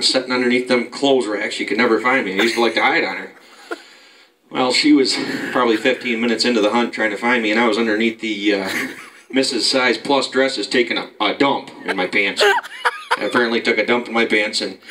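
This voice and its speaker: Guy doing off the cuff standup in his basement, keeps cracking himself up, far off mic w/ lots of hiss. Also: medium pitch. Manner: rambling, laughing at his own jokes. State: out of breath near the end. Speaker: amateur comedian. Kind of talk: improvised stand-up routine. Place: home basement. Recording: distant mic, noisy basement.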